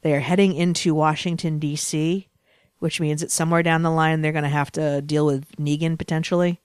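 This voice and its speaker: Woman cohost on a comics podcast, lowish voice, laughs a lot, dry mic. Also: level tone, fairly quick, darkish tone, smooth, no room sound. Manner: laughs often, blunt and profane. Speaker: podcast co-host. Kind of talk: casual podcast chat about comics and films.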